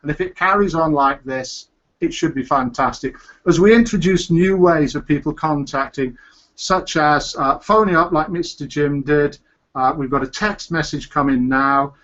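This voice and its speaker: A cheerful man hosting a casual live show from a home computer, chatty and quick to laugh. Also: fairly high pitch, a bit bright. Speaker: host. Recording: dull lo-fi webcast audio.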